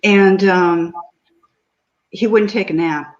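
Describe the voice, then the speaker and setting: A woman's voice: medium pitch, steady tone, slow pace. An older woman, a guest on an interview show, telling a personal story in a meandering way with many fillers. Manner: meandering, with fillers and quoted dialogue. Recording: dull lo-fi audio.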